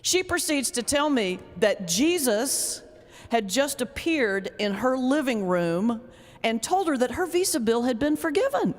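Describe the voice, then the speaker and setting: A woman's voice: sits high, lively intonation, a little slow. A middle-aged woman, an ordained minister giving a humorous lecture with a joking, teasing storyteller's delivery. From North Carolina, US South. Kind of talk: humorous lecture with stand-up comedy. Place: large hall before a live audience. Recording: long reverb of a lecture hall.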